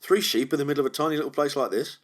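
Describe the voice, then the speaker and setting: A man's voice: on the high side, rapid-fire, pitched above the performer's own voice, natural voice. A bored young man makes dry, wry remarks in a raised, airy voice, as a man reading the story puts him on. He sounds lightly amused and detached. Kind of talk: audiobook character voice.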